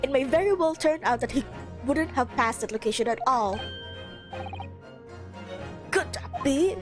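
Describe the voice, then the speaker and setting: A woman's voice: high voice, expressive, unhurried. A woman voicing an earnest young male defense lawyer in a formal manner, over game music.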